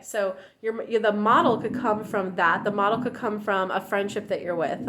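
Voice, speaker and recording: A woman relationship coach in her thirties talking casually to viewers, candid and lively, acting out quoted voices. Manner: candid, acts out quoted voices in a higher pitch.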